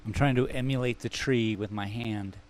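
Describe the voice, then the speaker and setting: A man's voice: mid-range voice, steady tone, normal speed. A man streaming live as he paints, thinking aloud in a rambling, self-mocking way and chatting with viewers. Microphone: microphone.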